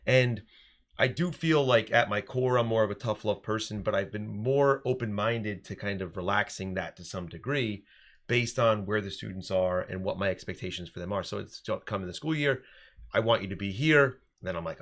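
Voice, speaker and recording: Animated man telling classroom stories. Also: lowish voice, fairly quick. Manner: animated storytelling, frequent restarts. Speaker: teacher and podcast co-host. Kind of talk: casual podcast discussion.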